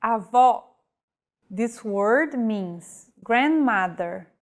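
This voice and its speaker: Slow, careful woman teaching pronunciation. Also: on the high side, expressive. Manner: deliberate, spelling out example words carefully. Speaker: language teacher. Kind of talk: slow scripted grammar lesson with example words.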